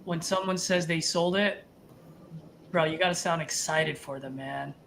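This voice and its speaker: A man coaching a trainee, animated and casual, talking through sales feedback. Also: a little high, unhurried, creaky, slight background noise. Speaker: wholesaling coach and host.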